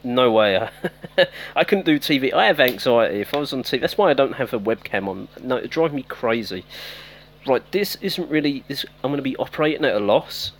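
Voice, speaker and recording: Chatty guy streaming his game, mid-pitch voice, bit of hiss behind. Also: animated, a little fast. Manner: chatty, talks to viewers by name, self-teasing. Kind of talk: casual live-stream commentary.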